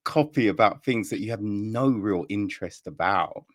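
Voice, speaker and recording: A man hosting an interview, chatty and animated, laughing easily as he asks questions. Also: on the low side, normal speed, dry recording, clean studio sound. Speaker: podcast interviewer. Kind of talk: casual interview chat.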